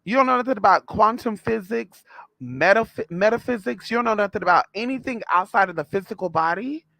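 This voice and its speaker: A man's voice: sits high, animated, a little fast, creaky, sharp tone, no room sound. A man telling a story to his viewers in a sassy, blunt, casual way, calling them girl and honey. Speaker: spiritual vlogger.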